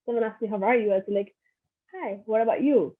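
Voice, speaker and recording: A young woman teaches a relaxed online lesson, chatting loosely and repeating each phrase so learners can follow. Her voice sits a little high and sounds slightly husky. The audio is thin and narrow, like a phone line. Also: brisk. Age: young adult. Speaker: French workshop teacher. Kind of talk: casual online language lesson.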